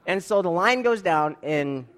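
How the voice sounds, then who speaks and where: Animated man telling a story, slightly high voice. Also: measured pace, smooth. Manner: acts out dialogue, laughs while telling; expressive, swings between quiet asides and loud outbursts. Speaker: speaker telling a personal story to an audience.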